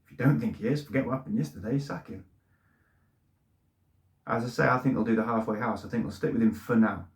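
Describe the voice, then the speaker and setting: A man's voice: medium pitch, racing, hardly any pauses. A middle-aged man, talking plainly about his football club in a casual monologue, often repeating words as he goes. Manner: plain-spoken, repeats words when emotional. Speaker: football fan channel host. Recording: echoey room.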